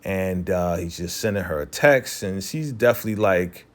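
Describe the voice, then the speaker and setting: A man with a fairly low voice talks through a TV episode recap in a loose, chatty way. He leans on "you know" and "right?", and drops into quick character voices as he retells scenes. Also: animated. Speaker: TV recap host.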